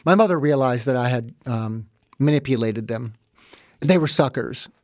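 A man telling a comic story about his childhood in a sardonic, exaggerating, deadpan way, close to the mic. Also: mid-range voice, normal speed, dry recording.

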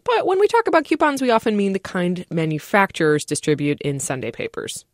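A woman radio reporter narrating a news feature in a brisk, wry way. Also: medium pitch, huge pitch swings, no echo, studio quality.

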